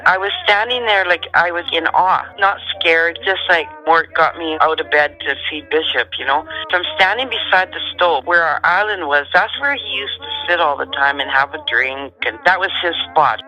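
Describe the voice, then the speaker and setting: A middle-aged woman, calmly and matter-of-factly telling a personal story as a guest. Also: low voice, normal speed, few pauses, faint music behind, rough recording. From Canada. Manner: calm, matter-of-fact storyteller.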